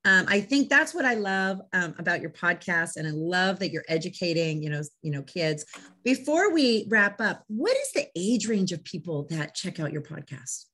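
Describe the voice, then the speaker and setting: Woman, dog trainer, interview host, enthusiastic, animated storytelling, casual chat. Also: on the low side, moderate pace.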